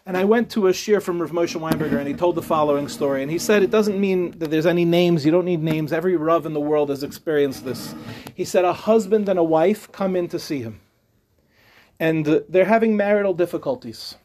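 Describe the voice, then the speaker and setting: A man's voice: fairly high pitch, a little fast, a little mellow, slight background noise. A middle-aged man, a rabbi, teaching a humorous live class with chatty storytelling, jokes and restarts.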